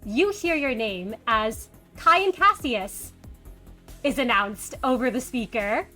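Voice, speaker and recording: A woman running a tabletop role-playing game as game master, narrating lively and jumping into characters' lines. Her voice is high and bright, with faint music underneath. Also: slow.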